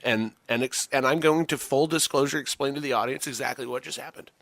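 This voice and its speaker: A man's voice: mid-range voice, a little fast, a bit bright, no echo. A man co-hosting a casual podcast, ranting profanely and exasperatedly about his week. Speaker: podcast co-host. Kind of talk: casual chat.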